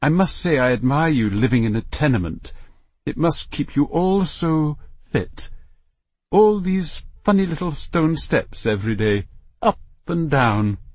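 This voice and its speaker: A man's voice: on the high side, sing-song, measured pace, a little mellow, no echo, voice pushed up. A man voicing an irritable mother who speaks with a sugary, clipped politeness. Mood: needling. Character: irritable suburban mother, tight-lipped.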